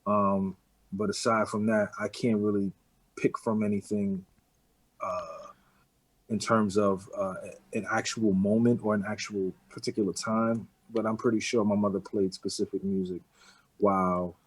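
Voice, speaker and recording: A man in his thirties with a New York accent, talking casually and rambling a little in a relaxed interview, dropping street slang. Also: on the low side, measured pace, breathy edge, low-quality recording. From the Bronx, New York. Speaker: rapper, interview guest.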